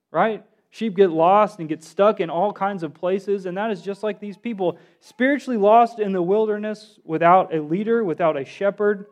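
Guy preaching a sermon, kinda high voice, keeps asking the room questions, acts out the quotes. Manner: animated, asks the congregation questions, acts out quotes.

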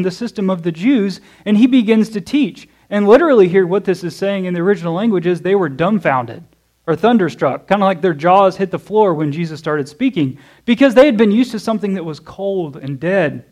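A man's voice: sits high, darkish tone. A man preaching a morning sermon in church, walking through a passage and asking the congregation questions. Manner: conversational, checks in with "okay?" and "right?"; asks questions to the audience and answers them. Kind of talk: expository sermon.

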